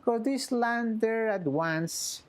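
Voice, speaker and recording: A woman's voice: fairly high pitch, slow pace. A woman voicing a pompous self-styled nobleman in his thirties, reading game dialogue in a haughty, archaic way. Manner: haughty, archaic, grandiose phrasing.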